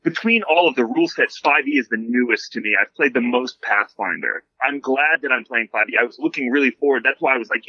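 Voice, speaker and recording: A man's voice: mid-range voice, lively intonation, fast, hardly any pauses, dry recording, dull audio. A man in casual chat, talking in a rambling way with many fillers and restarts. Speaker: podcast guest, new dungeon master.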